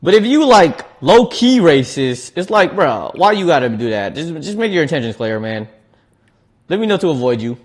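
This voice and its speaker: Male streamer, loose talky read, slightly high voice, laughs and restarts often. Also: sing-song, moderate pace. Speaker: streamer reading chat. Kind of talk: casual cooking livestream chat.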